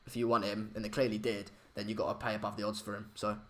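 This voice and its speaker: A man's voice: on the low side, level tone, quick pace. A young man, hosting a casual live stream chat, hesitant with many fillers and restarts. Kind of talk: casual live match chat, reading comments.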